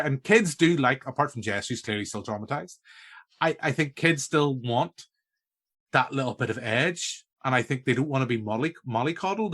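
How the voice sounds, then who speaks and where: A man's voice: mid-range voice, a bit bright. A man with a Northern Irish accent hosting a casual film-review podcast, talking enthusiastically in a rambling way with many restarts. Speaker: podcast host.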